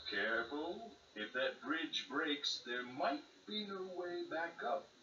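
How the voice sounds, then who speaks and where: A deadpan talking cave. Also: male voice, fairly high pitch, slow pace, slight background noise, heavily acted. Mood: wry. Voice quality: dry, deadpan. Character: sardonic talking cave, male, dry narrator. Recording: distant roomy dull game audio.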